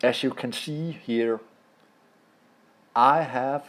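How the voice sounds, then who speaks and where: Here a Danish-accented man, a language teacher and native speaker of Danish from Denmark, walks through slides for a lesson. He stops frequently to find the right words, and his pitch is medium.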